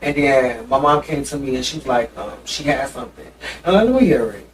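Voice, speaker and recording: A man's voice: mid-range voice, lively intonation, brisk. A man guesting on a casual interview show, talking in a flamboyant, playful way with frequent laughter and lots of y'all. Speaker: guest musician and reality TV personality. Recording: distant mic with faint background noise.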